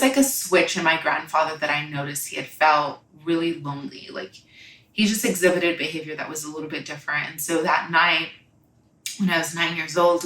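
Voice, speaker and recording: Young woman, low-ish voice, halting reflective storytelling, echoey room. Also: a bit bright, slight background noise. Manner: halting and reflective, frequent "like" and "you know". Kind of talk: personal storytelling.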